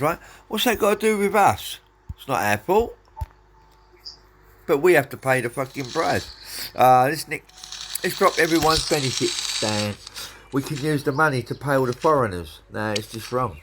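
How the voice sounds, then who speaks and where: A man's voice: medium pitch, a bit bright. Swearing man ranting. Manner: angry, sweary, repetitive ranting. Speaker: father ranting to his son. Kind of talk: casual rant. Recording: noisy background.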